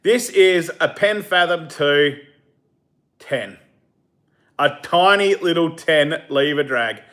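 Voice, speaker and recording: A man with a fairly high, slightly bright voice hosts a fishing channel live stream, speaking slowly and expressively. He chats casually, answers viewer comments, laughs easily, and uses lots of fillers.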